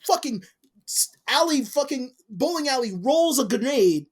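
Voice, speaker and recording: A woman's voice: high voice, animated, moderate pace, husky. A woman co-hosting a podcast in casual chat, rambling and swearing constantly. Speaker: podcast co-host.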